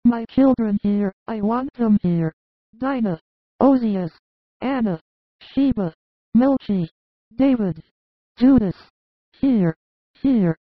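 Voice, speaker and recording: A woman's voice: a little high, expressive, takes it slowly, long pauses, no room sound. A woman playing a sick young mother who speaks in a pleading, emotional way. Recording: muffled, narrow phone-like sound.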